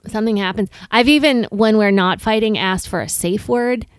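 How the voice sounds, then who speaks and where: A middle-aged woman from Chicago, co-hosting a podcast in casual chat and telling lively stories with acted-out quotes. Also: mid-range voice, moderate pace, clear, resonant tone, no room sound, clean studio sound. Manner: animated storyteller, acts out quotes. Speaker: podcast co-host.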